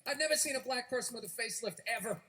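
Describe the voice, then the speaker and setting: A man's voice: extremely high pitch, lively intonation, very fast, bright, forceful tone, rough recording. A man doing a profane, mocking stand-up routine before a live audience. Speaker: stand-up comedian. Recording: live recording with clear background noise.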